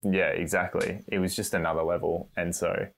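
An Australian man with a very low voice talks easily on a podcast. He is relaxed and laughs often as he chats. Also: moderate pace, vocal fry. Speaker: podcast guest, cinematographer. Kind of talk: casual chat.

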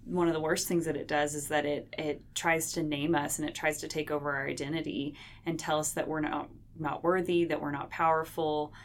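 A woman guest speaking calmly and steadily, offering reassuring reflections on hope after hardship. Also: deep voice, fairly quick, few pauses, a little hiss or hum. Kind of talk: reflective conversational teaching.

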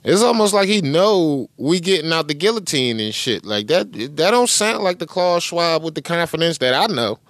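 Podcast guy cussing up a storm, street slang, a bit high voice, dead dry sound. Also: sing-song, normal speed, hardly any pauses, a bit bright, no echo. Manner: angry, crude, street slang, repeats clip words back mockingly. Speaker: podcast host. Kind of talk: profane commentary rant over played clips.

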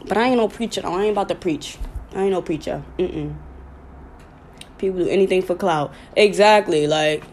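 A woman's voice: on the low side, a little fast, a little mellow, slight background noise. A woman hosting her own podcast, talking casually and bluntly to her listeners, with plenty of swearing. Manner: blunt, profane, chatty, with sudden laughing outbursts. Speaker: podcast host. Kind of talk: casual live talk to listeners.

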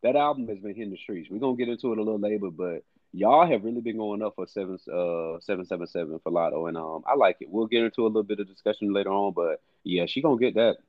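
A man's voice: fairly low pitch, fast talker, few pauses, no echo, muffled recording. A man co-hosting a casual music podcast, blunt, profane and emphatic. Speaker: podcast co-host.

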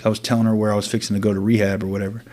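A man earnestly telling his own story as an interview guest, halting and restarting often. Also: on the low side, flat delivery, a little mellow. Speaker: guest sharing his testimony. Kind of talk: personal storytelling.

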